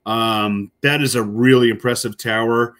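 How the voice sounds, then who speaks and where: A man's voice: medium pitch, fairly even intonation, normal speed, a bit bright. A man, a corrections officer, giving casual, rambling commentary while reacting to a video, with many fillers and restarts.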